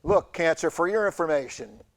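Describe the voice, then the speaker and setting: A man hosting a community TV show, telling a rambling comic monologue in a halting deadpan way with many fillers. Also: fairly high pitch. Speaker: show host. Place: community TV studio.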